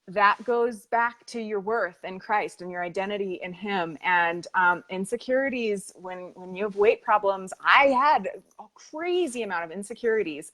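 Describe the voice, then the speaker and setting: A woman co-hosting a live faith-based weight loss coaching chat, talking in an earnest, confessional way. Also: mid-range voice.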